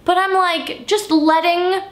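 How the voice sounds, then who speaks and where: A woman in her twenties telling a joking storytime for her vlog in an animated way. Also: extremely high pitch, slow. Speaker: vlogger. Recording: echoey room.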